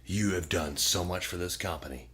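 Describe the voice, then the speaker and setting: A man's voice: sits low, moderate pace, slightly rough. A middle-aged man, a podcast guest, telling stories in casual chat and acting out the people in them. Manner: animated storyteller, acts out quoted voices, swears freely.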